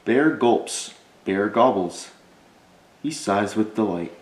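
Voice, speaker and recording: A man reading a picture book aloud in a lively storytelling way, voicing sound words with relish. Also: fairly low pitch, slow. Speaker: reader. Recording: echoey room.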